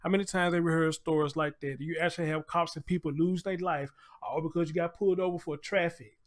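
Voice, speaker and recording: A man's voice: fairly high pitch, steady tone, fast. A man hosting a live stream, commenting bluntly and profanely in a rambling, casual way. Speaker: show host.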